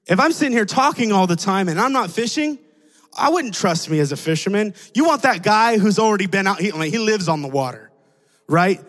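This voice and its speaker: Preacher, male, high-pitched, lively storyteller in the pulpit; church-hall reverb. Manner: animated, conversational, acts out voices in a story. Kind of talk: sermon with storytelling.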